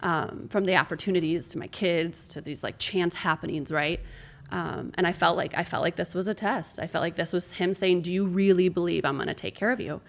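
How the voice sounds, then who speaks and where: Woman, 30s, sports broadcaster as interview guest; lowish, gravelly voice, emotional storyteller. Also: fairly quick. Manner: emotional storytelling, acts out quoted conversations. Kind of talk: candid interview conversation.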